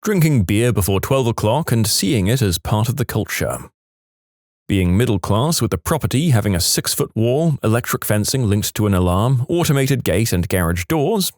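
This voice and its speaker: A man narrating online comments in a scripted reading, with a wry, lively delivery and small laughs. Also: lowish voice, no room sound, clean studio sound.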